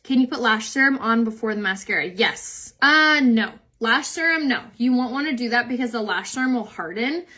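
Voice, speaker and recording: Bright and pushed, her fairly high voice moves at a moderate pace with lively intonation and hardly any pauses. She's a young woman running a makeup live stream, rambling through viewer comments, laughing readily and saying "like" constantly.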